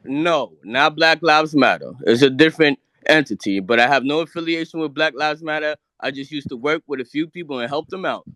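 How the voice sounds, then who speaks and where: A man from New York arguing back defensively on a call-in, stumbling over his words and hitting back with questions. His voice is bright and tense and sits slightly high, with a dry, close sound. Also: brisk, few pauses, no room sound. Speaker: caller. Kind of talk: heated argument.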